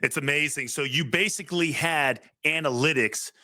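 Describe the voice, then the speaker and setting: A man's voice: fairly high pitch, normal speed, bright, forceful tone, no echo, studio quality. A man in his forties hosting a casual interview and asking his guest chatty, eager questions. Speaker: podcast host, former football player.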